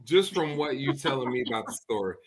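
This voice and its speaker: A podcast host asking slow, probing questions in casual chat. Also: mid-range voice, expressive.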